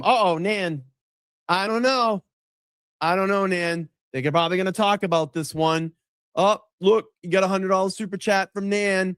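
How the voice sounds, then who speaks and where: A man's voice: sits high, normal speed, fairly bright tone, clear, resonant tone, dry recording, studio quality. A man hosting a live stream, reacting to a clip in a profane, mocking and gleeful way. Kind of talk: casual live-stream commentary.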